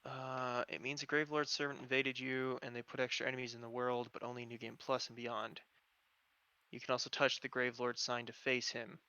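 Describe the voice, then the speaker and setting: A man's voice: medium pitch, flat delivery, brisk, bright, forceful tone, smooth, no echo, lo-fi sound. A man on a game stream explaining game lore and joking about himself as a nerd. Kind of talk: casual banter on a live stream.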